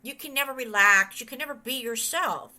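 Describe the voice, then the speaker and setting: A woman's voice: fairly high pitch, fairly quick. A middle-aged woman giving a conversational sermon as a pastor and author, telling a rambling childhood story and acting out what other people said. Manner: rambling, animated, quotes others in voices.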